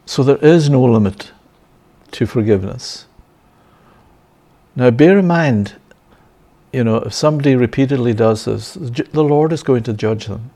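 Brief: male Bible teacher, mid-pitched, conversational sermon with "yeah?" asides. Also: normal speed, pauses often, warm tone. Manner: checks in with frequent "yeah?" and "right?", chuckling.

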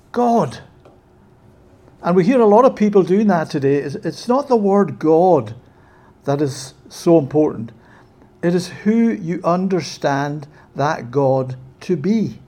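A man preaching a sermon with emphasis, often checking in with his listeners with a quick "yeah?". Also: a little high, dark tone.

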